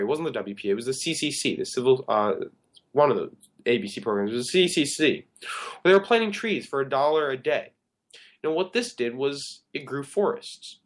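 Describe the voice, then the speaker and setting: A man hosting a talk show, giving an earnest, rambling monologue that often corrects itself mid-sentence. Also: medium pitch. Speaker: radio show host.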